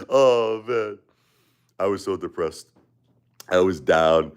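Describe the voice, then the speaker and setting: A man's voice: low-pitched, smooth. A man hosting a live stream, telling a casual, rambling story full of asides and "you know"s. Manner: rambling, digressive, frequent "you know" and "right?".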